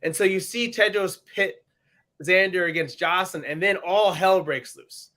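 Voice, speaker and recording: A man co-hosting a podcast, recapping a TV episode in casual, animated chat and slipping into voices for the characters. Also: high-pitched, moderate pace. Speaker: podcast co-host.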